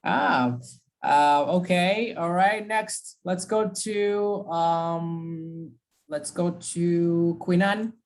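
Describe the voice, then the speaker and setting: A woman's voice: on the low side, drawn-out words, darkish tone. A woman teaching an English speaking class, giving students prompts and drilling pronunciation by repeating words.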